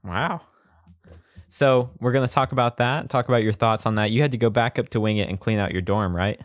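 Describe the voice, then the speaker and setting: A man's voice: mid-range voice, fairly even intonation, fairly quick, no room sound, clean studio sound. A young man co-hosting a casual podcast chat, laid-back and rambling. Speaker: podcast co-host.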